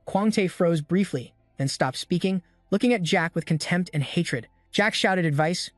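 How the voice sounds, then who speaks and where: A man's voice: fairly high pitch, normal speed, hardly any pauses, dry recording. Male recap narrator, dry close sound. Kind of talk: scripted story narration. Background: faint music.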